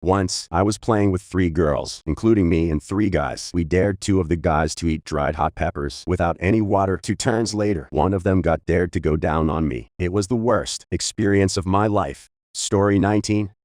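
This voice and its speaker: A man reading online stories aloud as a narrator, in a steady, even read-aloud delivery. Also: sits low, moderate pace, few pauses, no echo, studio quality.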